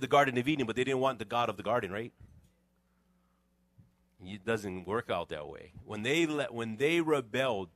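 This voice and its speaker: A middle-aged man, preaching a conversational sermon as a pastor with animated, joking asides to his congregation. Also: mid-range voice, no echo. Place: church sanctuary.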